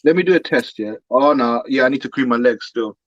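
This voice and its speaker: A man's voice: medium pitch, a little fast, dry recording, muffled recording. A young man with a London accent hosting a live online panel, joking and laughing through slangy banter. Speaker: livestream host. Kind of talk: casual chat.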